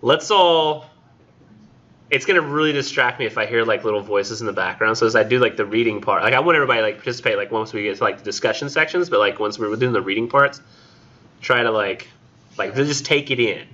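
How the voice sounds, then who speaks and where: A man's voice: medium pitch, fast talker, sharp tone. A man teaching a college literature class in a casual, chatty way, leaning heavily on "like" as he talks about poems. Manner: casual and chatty, heavy use of "like". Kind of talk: classroom lecture with poetry reading. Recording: dull lo-fi classroom recording.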